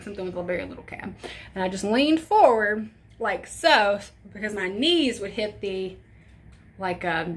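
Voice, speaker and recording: A young woman tells a wild personal story straight to camera, casual and animated. She swears freely and acts out what everyone said, jumping between voices. Her pitch sits in a middle range for a woman. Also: a little hiss or hum. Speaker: storytime vlogger.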